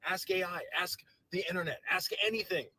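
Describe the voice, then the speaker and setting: Husky-voiced man ranting in anger. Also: high voice, a little fast, sharp tone, no room sound, rough recording. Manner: heated, profane and sarcastic. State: agitated. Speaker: political commentator. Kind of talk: angry political rant to camera.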